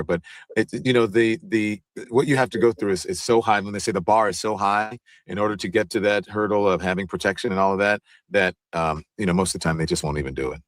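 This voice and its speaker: Guy hosting a live call-in show, talks quick, lowish voice, dry sound. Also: a bit bright, no room sound. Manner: fast, loose, stops and restarts sentences. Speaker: show host. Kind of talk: casual livestream talk.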